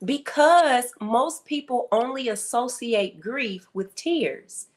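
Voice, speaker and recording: Her voice on the high side and her pace slow, a middle-aged woman talking about grief as a guest tells a story in interview form, lively acting out what the people in it said.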